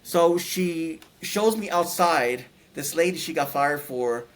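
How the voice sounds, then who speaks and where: Middle-aged man, a touch high-pitched, halting and rambling storyteller. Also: lively intonation. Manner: rambling, halting, many restarts and fillers. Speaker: guest telling his near-death story. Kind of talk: casual storytelling interview.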